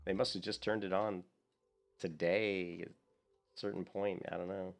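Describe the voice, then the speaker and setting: A man's voice: sits low, flat delivery, moderate pace, vocal fry. A man streaming a video game, chatting casually to his viewers in a rambling, self-mocking way with frequent chuckles. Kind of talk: casual gameplay commentary.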